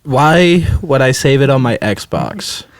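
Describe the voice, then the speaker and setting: A man's voice: mid-range voice, expressive, takes it slowly, dry recording. A young man co-hosting a podcast, blunt with crude comebacks, nursing a lingering cough. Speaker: podcast co-host. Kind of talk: casual chat.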